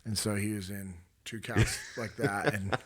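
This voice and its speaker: A man's voice: fairly low pitch, fairly even intonation, measured pace, dry recording. A man hosting a podcast, asking easygoing follow-up questions and laughing along with his guest. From United States. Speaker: podcast host. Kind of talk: casual interview.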